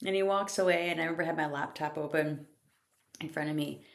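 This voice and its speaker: A woman's voice: lowish voice, steady tone, fast talker, gravelly. A woman hosting a podcast, telling her personal story in a candid, casual way, laughing often and swearing lightly. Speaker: podcast host. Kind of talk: reflective personal storytelling monologue.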